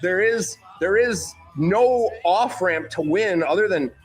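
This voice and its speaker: A man's voice: high voice, animated, slow pace, faint music behind. A man on a live-streamed panel. He gives a profane political rant and mocks world leaders in put-on quoted voices. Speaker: panel host.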